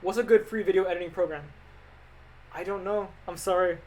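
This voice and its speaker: A man's voice: high-pitched, steady tone, fairly quick, a little mellow, poor audio. A young man streaming live as an animator, answering viewer questions in an offhand, rambling, joking way. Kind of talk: casual livestream chat answering viewer questions.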